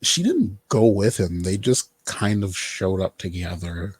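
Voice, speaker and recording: Husky low-voiced man recapping a show. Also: lively intonation, unhurried, dry recording. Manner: rambling, filler-heavy, quotes characters in mock voices. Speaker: podcast host. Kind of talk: casual chat recapping a TV show.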